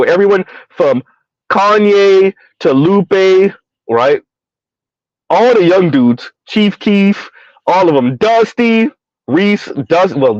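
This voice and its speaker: High-voiced man, laughing rant. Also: dry recording. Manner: repeats a punchline word with a high sing-song lift, laughing often. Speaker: commentary vlogger. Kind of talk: casual comedic rant. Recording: dry, dull lo-fi recording.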